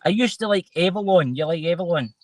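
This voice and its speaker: A man's voice: sits high, lively intonation, normal speed, no room sound, rough recording. A man with a Scottish accent hosting a casual chat show, rambling and trailing off mid-sentence. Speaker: host.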